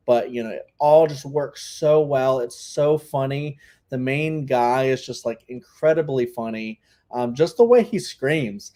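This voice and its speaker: A man's voice: medium pitch, a little mellow. Rambling man with lots of filler words. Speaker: podcast co-host. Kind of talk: casual chat.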